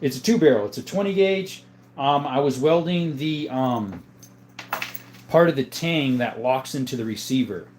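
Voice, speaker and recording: A man from southern Arizona hosting a livestream, reading viewer questions aloud and answering them in a relaxed, chatty way. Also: medium pitch, normal speed, a little hiss or hum. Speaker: livestream host answering chat. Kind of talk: casual live-chat talk.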